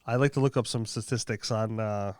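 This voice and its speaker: A man's voice: fairly low pitch, steady tone, fairly quick, darkish tone, smooth, no room sound, studio quality. A man hosting a casual podcast chat, talking in rambling, encouraging runs full of "you know". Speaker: podcast host.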